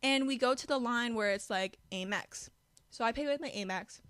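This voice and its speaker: A young adult woman co-hosting a podcast, telling a story in a casual, expressive, exasperated way. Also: a little high, moderate pace, clear, resonant tone, no room sound, studio quality. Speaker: podcast co-host. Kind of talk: casual chat.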